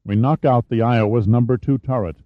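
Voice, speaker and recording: A man reading the part of a calm male admiral in an audiobook, slow, deliberate and matter-of-fact, on a dull recording. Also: mid-range voice, no room sound, natural voice. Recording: dull, muffled dry recording.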